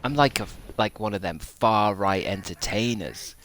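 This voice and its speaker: A man's voice: lowish voice, a little slow, a bit bright. A young man chatting on a game stream, rambling and self-mocking with a dry, sardonic edge and casual swearing.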